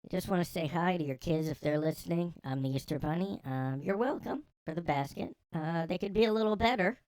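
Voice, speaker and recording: A man's voice: fairly high pitch, fairly quick, darkish tone, clear, resonant tone, pitched above the performer's own voice, natural voice. A man voicing a foul-mouthed, drunk and bitter male Easter Bunny who swears and rants in self-pity, as a comedy sketch. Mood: fake cheerful. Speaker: podcast host. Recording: echoey, long reverb room.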